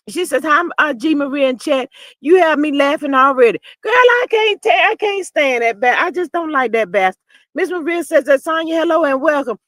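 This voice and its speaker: A woman hosts a casual gossip stream, blunt and sassy. Her voice is high and bright, and it jumps between loud outbursts and low mutters. The sound is dry and close. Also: dry recording. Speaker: livestream host. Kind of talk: casual gossip commentary reading live chat.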